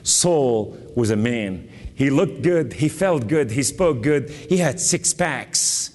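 A man from southern Lebanon with a southern Lebanese accent, preaching a sermon with fervor, moving between loud declarations and low solemn passages. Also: expressive, slow. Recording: long hall reverb.

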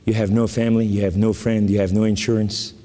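A composed, smiling surgeon with a low, level voice, put on by a preacher in his sermon. The words echo with long reverb in a large hall. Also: flat delivery, fast, dark tone, slight background noise, lightly acted. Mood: calm. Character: calm smiling male surgeon.

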